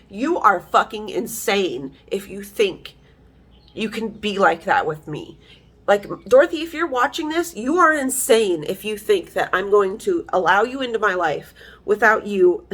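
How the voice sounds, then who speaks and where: A woman's voice: medium pitch, fairly bright tone. Heated, frank woman vlogging. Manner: frank, heated, swears freely, many fillers. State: emotional. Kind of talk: emotional personal vlog talk.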